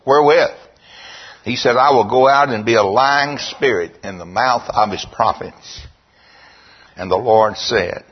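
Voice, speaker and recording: Male preacher, husky, storytelling sermon, muffled lo-fi sound. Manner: storytelling, quoting scripture in a slow, lowered voice. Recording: dull lo-fi recording.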